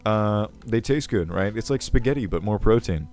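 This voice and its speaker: A man's voice: lowish voice, lively intonation, moderate pace, darkish tone. A man playing a pompous goblin king. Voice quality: crackly voice. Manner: pompous, rambling, self-assured. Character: self-important ancient male goblin king. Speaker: video host. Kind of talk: character comedy Q&A.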